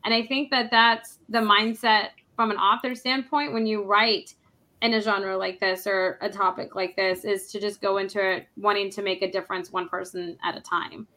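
A woman's voice: medium pitch, fairly even intonation, moderate pace, sharp tone. A woman hosting a podcast interview, upbeat and encouraging. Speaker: podcast host.

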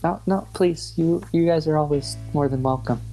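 A man voicing a polite, timid young male baker, stammering in a much higher voice. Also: normal speed, warm tone, soft background music, close to an everyday voice. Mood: eager polite.

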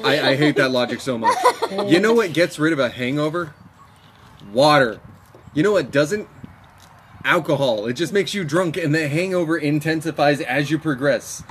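A man's voice: a little high, expressive, normal speed, a bit bright, a little hiss or hum. A young man from Texas telling a long story in casual chat with friends, swearing a lot and sounding exasperated. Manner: profane, exasperated storytelling, laughs often.

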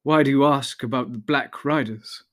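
A man voicing a band of immortal elves who speak in a slow, playful, teasing way. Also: medium pitch, a bit bright, lightly acted. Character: group of teasing immortal elves, light and aloof.

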